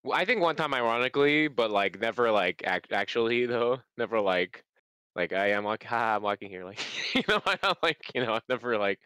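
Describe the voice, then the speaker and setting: A man's voice: medium pitch, very animated, a little fast, pushed and bright, clean tone, no echo. A man chatting casually as a guest streamer, giggly and rambling. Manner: giggly, rambling with many likes. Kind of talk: casual chat.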